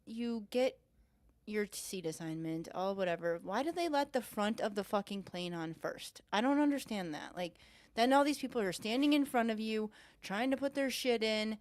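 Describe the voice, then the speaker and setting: Animated woman telling a story. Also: mid-range voice, normal speed, dry recording. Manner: animated storyteller, frequent swearing and laughter. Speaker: podcast co-host. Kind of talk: casual chat.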